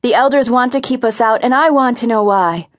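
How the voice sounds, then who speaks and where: A woman's voice: a little high, brisk, voice pushed up, lightly acted. A woman voicing a brave, headstrong thirteen-year-old girl in an audiobook, speaking urgently and boldly. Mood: eager. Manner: urgent, bold. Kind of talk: audiobook character voice.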